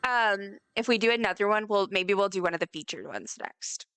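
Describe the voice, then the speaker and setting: A woman's voice: medium pitch, animated, a little fast, a bit bright, clean tone. A woman livestreamer chatting casually and effusively while she plays, reading chat aloud. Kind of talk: casual live-stream chat while gaming. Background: faint game music.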